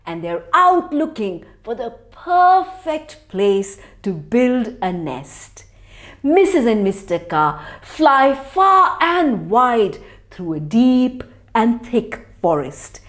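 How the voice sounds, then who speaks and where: A woman narrates a children's tale in a lively, sing-song voice pitched a little high. She takes her time, giving playful animal calls and slipping into hushed tones for the tense parts. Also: slow. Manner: animated, theatrical, with playful crow caws and hushed suspense. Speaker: children's storyteller. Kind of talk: expressive storytelling for kids.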